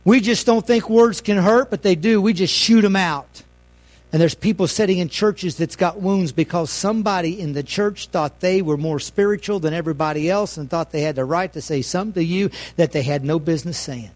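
High-voiced folksy male preacher. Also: brisk. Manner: folksy preaching, swings between loud and hushed. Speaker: pastor. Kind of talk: sermon.

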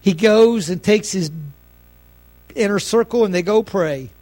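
A middle-aged man pastor preaching a folksy sermon, swinging between loud lines and hushed asides. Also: high voice, unhurried.

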